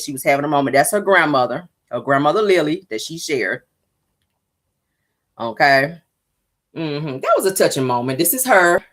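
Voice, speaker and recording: A sassy woman hosts a celebrity gossip segment in a casual, chatty way. Her voice sits low for a woman, and she keeps tossing in honey and baby as she reads posts aloud. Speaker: host of a celebrity gossip show.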